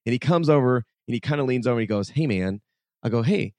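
Speaking at a quick pace with a medium-pitched voice, a man on a podcast shares stories in a relaxed interview. He's animated, plays out the dialogue, and says "like" a great deal, with no room sound.

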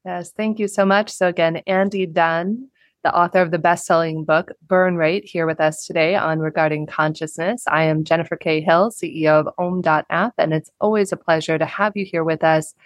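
A woman hosting a podcast interview, who speaks in a warm, encouraging and effusive way. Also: low-pitched, fairly even intonation, moderate pace, no echo. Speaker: podcast host.

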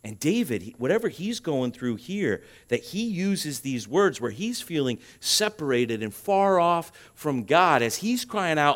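A man preaching a sermon, his voice swelling loud and high at emphatic points and then dropping to a quiet, urging tone. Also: very animated, unhurried, hardly any pauses. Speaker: pastor.

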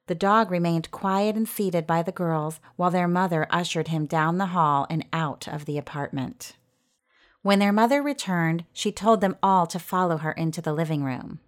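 A woman narrating a fairy tale in a gentle storytelling manner. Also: on the low side, moderate pace.

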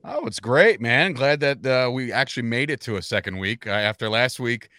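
A man of middle pitch with a smooth, resonant voice chats easily on a sports podcast panel. The recording is dry and close. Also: lively intonation, normal speed, bright, forceful tone, dry recording. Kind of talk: casual sports chat.

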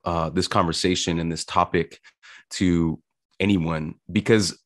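Host, man with a very low voice, earnest and halting, dry recording. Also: fairly even intonation, fairly bright tone, dry recording. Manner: earnest, searching for words. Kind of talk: interview.

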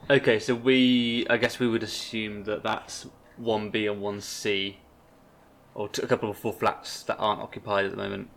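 A man's voice: lowish voice, flat delivery, normal speed, gravelly, a bit bright, a little hiss or hum. A man playing a tabletop game, thinking aloud hesitantly. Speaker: player.

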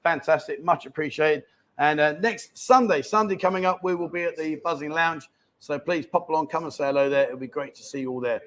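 A man's voice: fairly high pitch, fairly quick, fairly bright tone. A man hosting a casual live-stream chat from a bar, jokey and chatty as he reads out viewer questions. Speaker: host. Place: indoor bar.

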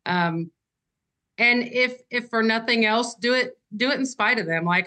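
A woman's voice: fairly high pitch, unhurried, pushed and bright. A woman who works as a real estate agent, speaking casually and candidly in a podcast conversation, often stopping to say "you know".

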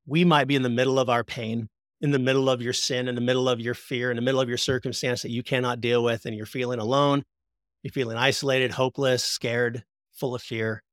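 A man in his forties, a podcast guest and prison minister, giving an earnest, heartfelt testimony that slows down for emphasis like a preacher. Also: mid-range voice, little pitch movement, no echo, clean studio sound.

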